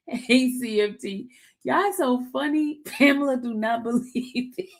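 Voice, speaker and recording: A woman's voice: sits high, slow pace. A woman hosting a casual live stream, teasing her chat and laughing often. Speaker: livestream host.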